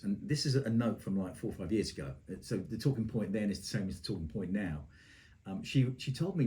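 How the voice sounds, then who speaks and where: A former radio presenter from England, now a podcast host, chats casually in a teasing broadcaster's style. His voice is fairly low and mellow.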